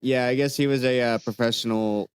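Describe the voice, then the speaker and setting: Laid-back man with a smooth voice. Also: medium pitch, steady tone, fairly quick, no echo. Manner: laid-back, stumbles over names. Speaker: podcast co-host. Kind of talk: casual podcast, reading out research.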